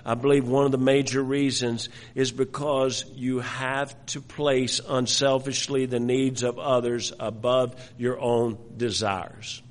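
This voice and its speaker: An older male pastor tells a family story in his sermon, circling back and repeating himself as he goes. His mid-pitched voice carries a long reverb from the hall. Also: little pitch movement, unhurried, hardly any pauses. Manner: storytelling, repeats words, many restarts.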